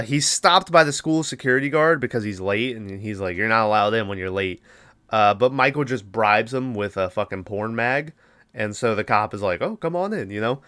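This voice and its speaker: A man's voice: mid-range voice, fairly bright tone, no echo, clean studio sound. A man hosting a podcast, casually recapping a movie in a rambling, profane way and briefly acting out the characters' lines. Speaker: podcast host.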